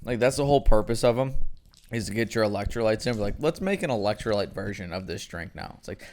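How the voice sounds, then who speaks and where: A man's voice: lowish voice, lively intonation, fast, a little mellow. A man co-hosting a casual podcast, opinionated and emphatic.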